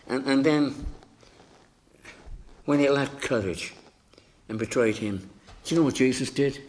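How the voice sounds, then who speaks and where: A man delivers a sermon at an unhurried, deliberate pace. He preaches emphatically and acts out scenes with quoted voices. His voice sits at a middling pitch. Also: a little mellow, a little hiss or hum.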